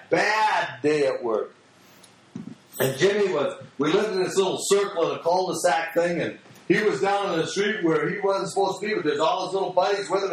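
A man's voice: high-pitched, a little hiss or hum. A middle-aged man giving a sermon in a folksy, blunt storytelling way, recorded in a large room. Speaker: preacher. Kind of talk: sermon with personal stories. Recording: echoey, distant hall mic.

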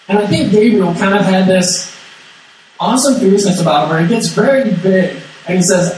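A man's voice: high-pitched, fairly quick, a little mellow. A man preaching a casual, conversational sermon, often repeating words as he goes and acting out quotes along the way. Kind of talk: sermon, conversational Bible teaching. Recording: echoey hall, distant mic, faint noise.

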